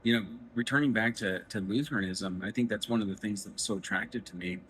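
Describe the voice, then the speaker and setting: A man hosting a festival interview, earnest and agreeable, sounding softly moved. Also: lowish voice, quick pace, a little hiss or hum, low-quality recording. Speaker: podcast host. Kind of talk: casual interview chat. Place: festival booth, indoors.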